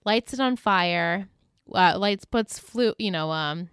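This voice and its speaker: A woman's voice: medium pitch, slow pace, fairly bright tone, clear, resonant tone, no echo, studio quality. A woman co-hosting a podcast, retelling episode scenes in casual chat, laughing often and acting out the characters' lines. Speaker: podcast co-host.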